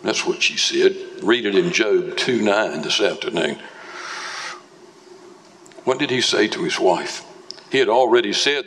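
A man preaching a sermon as pastor, slow and emphatic, with dramatic swings in pitch. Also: animated, fairly bright tone, slight background noise. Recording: long reverb of a large hall.

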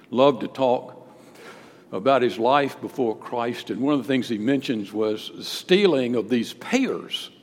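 A male pastor preaching a sermon, emphatic, swinging between loud declarations and hushed storytelling. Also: mid-range voice. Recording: long hall reverb with faint background noise.

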